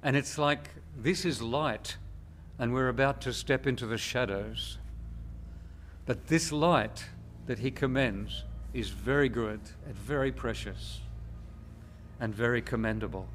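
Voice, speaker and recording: Male preacher, unhurried emphatic delivery, mid-pitched voice, faint noise behind. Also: a bit bright. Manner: slow, measured, emphatic preaching with pauses. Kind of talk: sermon.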